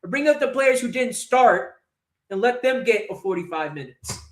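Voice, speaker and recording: A man's voice: extremely high pitch, lively intonation, normal speed. Angry man ranting in a roomy echo. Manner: angry, profane ranting with rhetorical questions. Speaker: host of a football fan channel. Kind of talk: livestream match reaction rant.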